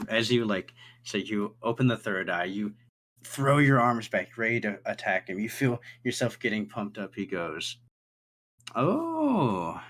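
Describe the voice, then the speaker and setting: A man's voice: on the low side, fairly bright tone. A man narrating as game master of a tabletop game in an easygoing way.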